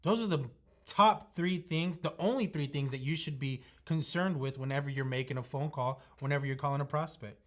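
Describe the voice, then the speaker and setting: A man's voice: a little high, brisk. Man in his thirties coaching emphatically. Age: 30s. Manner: emphatic, lists points step by step. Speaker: sales trainer. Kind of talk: coaching talk.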